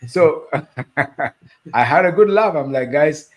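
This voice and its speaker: A man hosting a relaxed interview, talking in a fairly high voice. He is lively, chuckles easily, and fills the pauses with quick "mm-hmm"s. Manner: animated, laughs easily, many short acknowledgments. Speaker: host. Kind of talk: casual interview chat.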